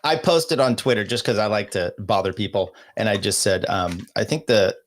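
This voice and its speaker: A man's voice: lowish voice, animated, normal speed. A man from California hosting a podcast, casual chat with frequent laughs and restarts. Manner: laughs often, fillers and restarts. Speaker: podcast host.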